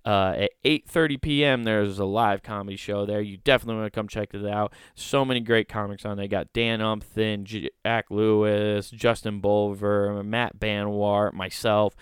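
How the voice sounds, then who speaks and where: A man's voice: fairly low pitch, steady tone, moderate pace, few pauses, smooth, no room sound, studio quality. A man hosting a comedy podcast, giving sarcastic, mocking commentary and laughing often.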